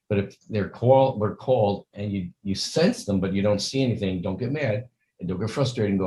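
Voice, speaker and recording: An older man with a fairly low voice and a mellow tone, talking as an interview guest. He speaks earnestly and rambles in long stretches. He acts out the lines he quotes. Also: brisk, poor audio. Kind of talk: conversational interview.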